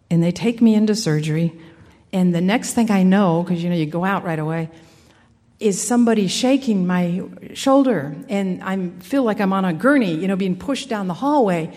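A woman's voice: mid-range voice, animated, moderate pace, dark tone, long reverb tail. A woman giving an earnest personal faith testimony in a conversational storytelling way, with frequent restarts. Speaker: speaker sharing a personal testimony.

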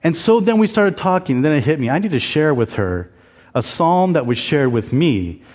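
A man's voice: on the high side, very animated, moderate pace, darkish tone, big-room sound. A man preaching a sermon as a pastor, candid and conversational, asking the congregation to answer back. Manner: candid, conversational preaching with audience call-and-response. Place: church.

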